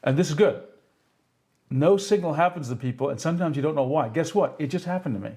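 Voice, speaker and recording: A man's voice: fairly high pitch, expressive, fast, dark tone. A man hosting a live tech stream, explaining hardware step by step and checking in with the audience. He laughs at himself when a demo fails. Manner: explanatory, keeps checking in with "okay?" and "right?"; self-deprecating when a demo goes wrong. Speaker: tech streamer demonstrating pen displays.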